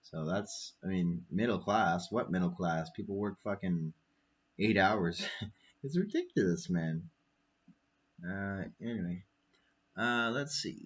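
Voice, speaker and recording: Low, husky man ranting profanely. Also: lively intonation, slow, pauses often, muffled recording. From Canada. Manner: profane, angry, rambling. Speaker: podcast host. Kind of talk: late-night ranting monologue. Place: small apartment.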